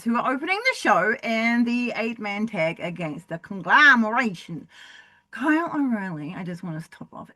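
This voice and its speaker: A woman hosting a solo wrestling review podcast, excitable and profane, swinging from loud bursts to low mutters, her voice going hoarse. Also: no room sound. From Southern Hemisphere. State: losing her voice. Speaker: podcast host.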